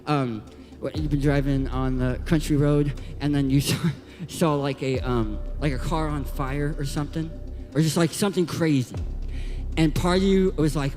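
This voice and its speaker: A high-pitched man delivers a comedic sermon story in a church hall, and his voice rings with a long reverb. He is lively and self-mocking, and he breaks into loud bursts. Soft music sits faintly beneath him. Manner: animated, self-deprecating, bursts into shouts. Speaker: guest speaker.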